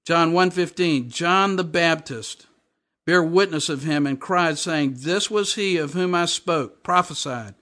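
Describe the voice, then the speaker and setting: A man's voice: a little high, measured pace, pushed and bright. A man preaching a sermon, reading scripture aloud and explaining it with emphatic repetition. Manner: emphatic, repeats and explains verses.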